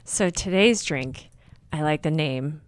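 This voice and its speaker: An easygoing woman co-host of a casual podcast. Her voice is a little low for a woman, and it sounds dry and close, with no room sound. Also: takes it slowly, smooth, dry recording. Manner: easygoing, laughs along. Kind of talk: casual chat.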